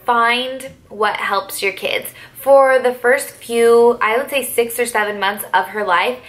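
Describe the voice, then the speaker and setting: A young mother answers viewer questions in a casual vlog, talking in a relaxed, chatty way full of little fillers. Her voice is bright and a touch high. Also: slow pace. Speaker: vlogger and mother of three.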